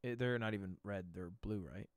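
A man's voice: fairly low pitch, fairly quick, clear, resonant tone, no room sound, studio quality. A young man streaming, thinking aloud through a word game, muttering guesses and swearing often. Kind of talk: casual gaming commentary.

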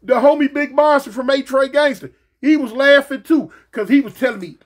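A man casually telling a story from his past, slangy and animated, jumping in pitch and making sound effects as he goes. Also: brisk, few pauses. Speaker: storyteller recounting his prison days.

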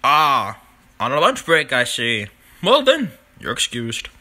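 A man's voice: mid-range voice, wildly swooping pitch, slow, pushed and bright. A man hosting a playful plush battle show in a teasing, jokey announcer manner.

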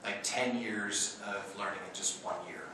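A man telling stories at a convention panel as a comic artist and voice actor, animated and laughing often. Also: fairly low pitch, moderate pace, noisy background. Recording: echoey hall from far off.

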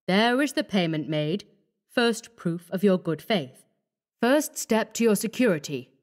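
A woman voicing a cold, scheming young male doctor who talks calmly and menacingly. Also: mid-range voice, a little slow, lightly acted. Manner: calm, coaxing, menacing.

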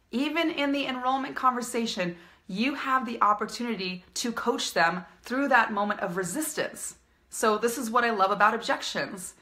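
A woman's voice: mid-range voice, pushed and bright. A woman business coach giving an upbeat, emphatic live-streamed coaching talk, repeating her key phrases.

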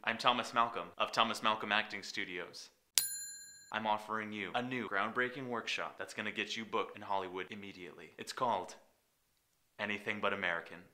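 An actor playing an eccentric, abrasive acting coach who gives a brash, insulting sales pitch. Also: male voice, fairly even intonation, a little fast, noisy background, natural voice. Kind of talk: comedy sketch.

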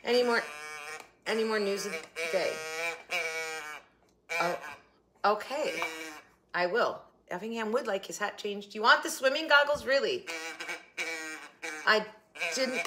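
Recorded on a phone camera, a woman hosts a casual shopping haul vlog from her home kitchen, chatting and rambling and often cutting herself off mid-thought. Her mid-range voice moves at a measured pace with long pauses, and a crowd can be heard in the background.

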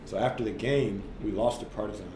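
A man in his thirties, a podcast guest and former basketball player, telling stories in a casual, animated way with lots of fillers and laughter. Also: fairly low pitch, fairly quick, noisy background. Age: 30s. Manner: animated, laughing, filler-heavy with frequent "like" and "right?". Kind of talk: casual storytelling in conversation. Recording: roomy echo.

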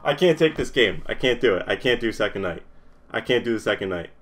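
A man's voice: on the low side, lively intonation, a little fast, a bit bright, faint music behind. A nervous young man commentating a horror game, stammering, swearing and shaking with fear. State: shaking with nerves. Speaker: gamer.

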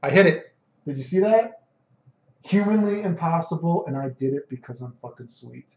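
A man commentates live on a fighting game in a brash, swaggering way, full of swearing and bragging. His voice sits a little high, and the cheap, dull mic picks up an echoey room. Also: expressive, moderate pace, creaky, a little mellow. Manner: brash, profane, boastful. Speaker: streamer.

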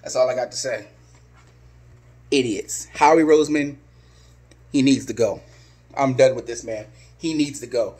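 A man's voice: medium pitch, normal speed, long pauses, darkish tone. A man ranting angrily as a sports fan vlogger, exasperated and repeating his insults. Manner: angry, exasperated, repetitive insults. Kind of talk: ranting vlog.

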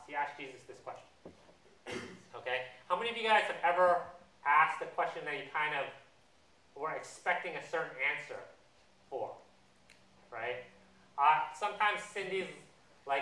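A man gives a sermon in a relaxed, conversational way, slipping into quoted voices as he tells the story. His voice is bright and a little higher than most, and it comes from some distance away in a roomy church hall with lots of echo. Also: normal speed, long pauses. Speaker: pastor.

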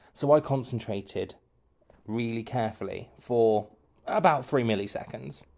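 A man, a teacher, reading a children's novel aloud in an expressive, playful storytelling manner. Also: fairly low pitch, gravelly. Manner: expressive, playful, shifts voice for quotes. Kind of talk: storybook narration.

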